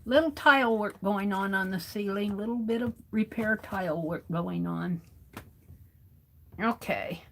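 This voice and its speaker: A woman's voice: medium pitch, measured pace, vocal fry, slight background noise. An American woman hosting a craft livestream, chatting to herself and viewers as she works with her hands, now and then moving away from the mic. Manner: chatty, talks to herself while working.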